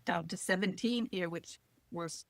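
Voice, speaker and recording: A woman's voice: fairly low pitch, unhurried, gravelly, dry recording. A woman hosting an author interview, enthusiastic and gushing. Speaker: interview host. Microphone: video call.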